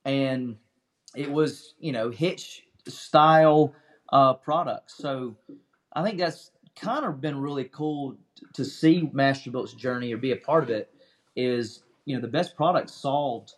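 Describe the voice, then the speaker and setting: A man's voice: mid-range voice, measured pace. A young adult man talking in an easygoing, chatty way as a guest in a casual interview.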